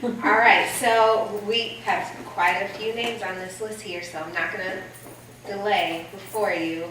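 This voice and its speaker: A woman's voice: medium pitch, steady tone, unhurried. Woman host at a live reading, casual and upbeat, distant and echoey with room noise. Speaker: event emcee. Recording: roomy hall from far off, background noise.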